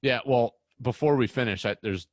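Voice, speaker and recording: A young man hosting a casual hunting podcast, telling rambling, excitable stories. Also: mid-range voice, moderate pace, dry recording. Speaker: podcast host.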